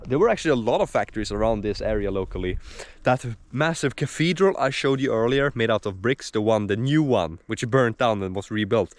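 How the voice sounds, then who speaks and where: A young man narrating his vlog to a handheld camera, chatty and rambling with plenty of fillers. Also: mid-range voice. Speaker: vlogger.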